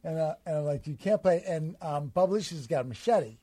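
A man co-hosting a comedy podcast, telling an absurd tall tale in a rambling deadpan way and acting out quotes. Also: a little high, fairly quick, dry recording. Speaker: podcast co-host.

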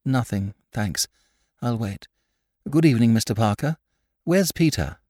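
A man voicing a distraught young aristocratic woman in an audiobook, pleading in high, near-hysterical cries. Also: animated, unhurried, darkish tone, no room sound, studio quality. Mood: hurried. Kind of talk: audiobook character voice.

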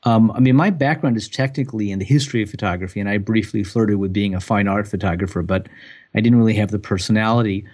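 A man with a somewhat low voice talks through his working habits as an interview guest. His manner is relaxed and reflective, with easy laughter and the odd restart. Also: fast. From United States. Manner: relaxed, thoughtful, laughs easily, some restarts. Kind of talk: casual interview answers.

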